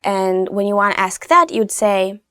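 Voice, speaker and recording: A young woman hosting a casual language lesson, chatty and upbeat, slowly modelling phrases. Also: medium pitch, expressive, pushed and bright, no room sound, studio quality. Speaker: language teacher host.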